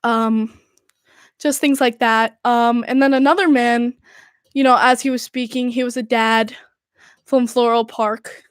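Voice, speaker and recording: A young woman hosts a podcast and tells a story in a chatty, exasperated way, full of "like". Her voice sits high. The sound is dry and close to the mic. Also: steady tone, unhurried, smooth, no echo. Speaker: podcast host. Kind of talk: casual recounting.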